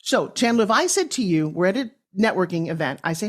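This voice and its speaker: A woman guesting on a podcast as a pitch coach, giving advice in an emphatic, salesy way with punchy phrasing. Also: expressive, fast talker. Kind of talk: energetic podcast interview advice.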